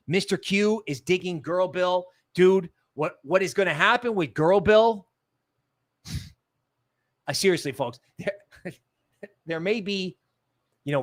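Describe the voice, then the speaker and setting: A man's voice: a bit bright, no room sound, clean studio sound. Rambling, jokey male crypto streamer. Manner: rambling, jokey, trails off into low asides. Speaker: crypto livestream host. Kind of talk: casual livestream commentary.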